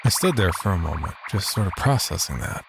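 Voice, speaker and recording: A man reading a first-person horror story in a measured, low-key scripted narration. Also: very animated, music in the background.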